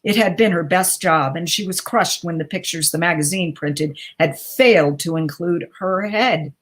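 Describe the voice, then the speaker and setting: A woman narrates literary fiction aloud in a measured, even delivery. Her voice sits a little on the low side, steady for a theatre's live-streamed reading. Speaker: reader. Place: local theatre livestream.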